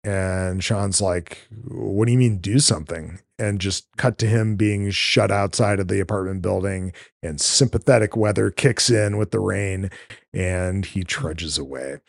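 A man's voice: deep voice, fairly even intonation, a little slow, gravelly, no room sound, studio quality. A man hosting a podcast, rambling through a casual film recap with many fillers and the odd swear word. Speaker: podcast host.

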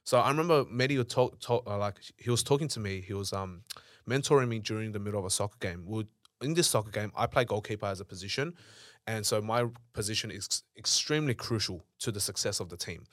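In a dry, studio-quality recording, a young Australian entrepreneur speaks fast in a lowish, slightly bright voice. He's a podcast guest telling candid stories in conversation, blunt and emphatic, with a lot of swearing.

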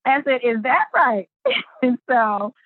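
A woman, an artist telling her story in an interview, lively and acting out the quotes with big jumps in pitch. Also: takes it slowly, no room sound. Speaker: artist and business founder, interview guest. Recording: dry, phone-like narrow sound.

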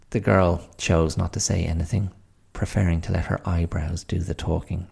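Husky, gravelly storyteller. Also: male voice, low voice, little pitch movement, moderate pace, a little mellow. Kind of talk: scripted narration.

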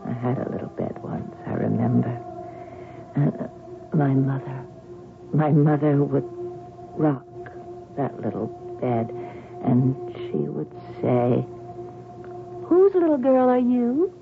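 An actress playing a fragile, despairing woman narrating her childhood memories in a hushed, dreamy voice, in 1970s radio drama style. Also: very deep voice, big pitch swings, slow, vocal fry, pauses often, full character voice. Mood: wistful. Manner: hushed, dreamy, drifting into whispers. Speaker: narrator of the story. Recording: tinny 1970s radio broadcast over music.

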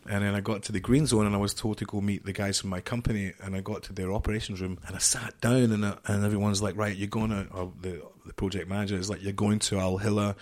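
Guy, low voice, swearing a lot and acting out the voices as he tells a podcast story. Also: fast, few pauses. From United Kingdom. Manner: animated, swearing, acts out dialogue. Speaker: podcast guest.

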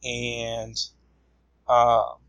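Slow-talking man recapping a comic. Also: medium pitch, monotone, a bit bright, clean tone, no echo, low-quality recording. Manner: rambling retelling with many fillers. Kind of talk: casual comic book recap.

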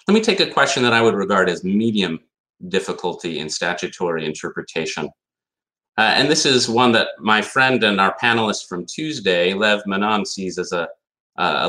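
Male lecturer, bright tense tone, emphatic, keeps throwing rhetorical questions at the room. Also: on the low side. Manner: reads statute passages aloud. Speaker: conference speaker on law. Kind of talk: academic lecture.

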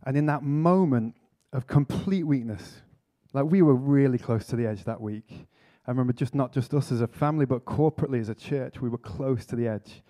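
A man's voice: medium pitch, a little fast, hardly any pauses, dark tone. A man giving a conference sermon, telling a story earnestly with self-mocking humour. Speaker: speaker at a church conference. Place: conference hall talk.

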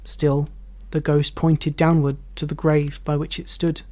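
A narrator reading a classic novel aloud with measured, expressive delivery and dramatic pauses. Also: mid-range voice.

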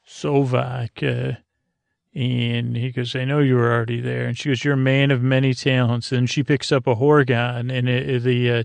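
A man's voice: medium pitch, vocal fry, no echo. A man hosting a podcast, giving a loose, meandering recap of an episode with many fillers. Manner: meandering, lots of uh fillers, paraphrases dialogue loosely. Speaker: podcast host.

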